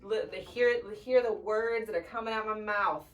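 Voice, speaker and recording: A woman's voice: medium pitch, normal speed, far from the mic, rough recording. A young woman hosting a podcast, chatting candidly and emotionally, swearing freely and choking up at times. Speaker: podcast host. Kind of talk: casual personal chat.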